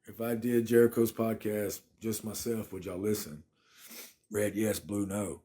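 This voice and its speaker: A man's voice: fairly low pitch, fairly even intonation, unhurried, dark tone. A man, chatting casually on a phone livestream from his apartment and thanking viewers by name. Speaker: livestream host.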